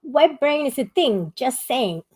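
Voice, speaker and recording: Her voice is high, very animated and slightly rough, yet she keeps a measured pace. She's hosting a live-stream panel, chatting casually, reading the chat aloud and scolding viewers in a sharp, rambling way.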